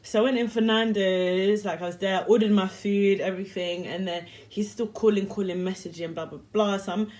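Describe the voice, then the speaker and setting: A woman's voice: mid-range voice, fairly even intonation, normal speed, hardly any pauses, darkish tone. A young woman telling a story to camera in a rambling, slangy, chatty way and laughing easily. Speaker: vlogger.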